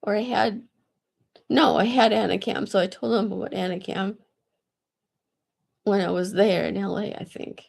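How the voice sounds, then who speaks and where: A woman's voice: medium pitch, steady tone, normal speed, gravelly, pauses often, darkish tone. A woman telling a long personal story in a loose, rambling way, often laughing, restarting and filling with "like". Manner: laughs often, trails off and restarts, says "like" a lot. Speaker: vlogger.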